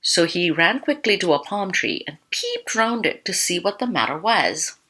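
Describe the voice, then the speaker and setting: Lively woman reading a children's story. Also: lowish voice, moderate pace, husky. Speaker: teacher reading aloud. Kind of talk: children's read-aloud.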